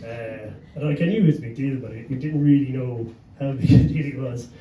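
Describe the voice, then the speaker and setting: A man's voice: mid-range voice, a little fast, dull audio. Irish man telling a sweary story. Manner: swears freely, chuckles through his story. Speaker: panelist, gig promoter. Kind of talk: anecdotal storytelling on a live panel. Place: pub venue with a live audience. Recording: echoey room, mic at a distance, background hum.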